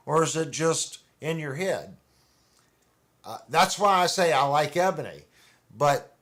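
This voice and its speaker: Hosting a laid-back livestream, a man with a fairly high, fairly bright voice rambles conversationally about guitars, restarting now and then.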